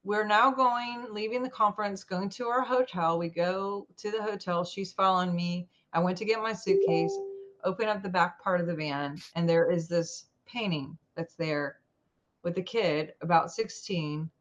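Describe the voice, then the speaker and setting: Animated woman telling a story, lo-fi. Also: on the low side, normal speed. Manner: animated, acts out quoted dialogue. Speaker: guest. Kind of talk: storytelling in a conversational interview.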